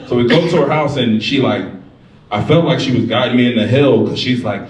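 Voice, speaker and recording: A man doing a stand-up comedy set, telling stories in a profane, animated way. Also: mid-range voice, normal speed. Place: comedy club stage. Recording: echoey club, distant mic, loud crowd. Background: crowd laughter.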